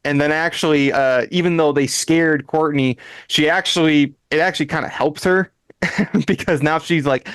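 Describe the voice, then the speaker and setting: Guy podcast host, lively retelling, laughs a lot, slightly high voice, dry close sound. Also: normal speed, clear, resonant tone, dry recording. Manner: animated, acts out characters' lines in voices; laughs often, restarts sentences. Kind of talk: casual chat, retelling an episode.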